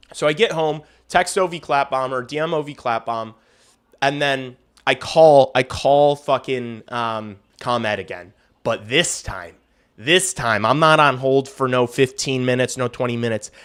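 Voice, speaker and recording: A man's voice: mid-range voice, a bit bright, clean tone. A young man hosting a hockey livestream, telling a rambling story between casual play-by-play calls, swearing freely.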